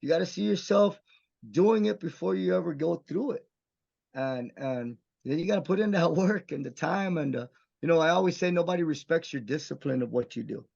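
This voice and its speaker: This guest actor hails from Mission, Texas, and his voice sits fairly high, with lively intonation, a slightly quick pace, creakiness and a somewhat mellow quality. Chatting candidly on a podcast, he gets intense, emphatic and profane. The recording has a dull, lo-fi sound.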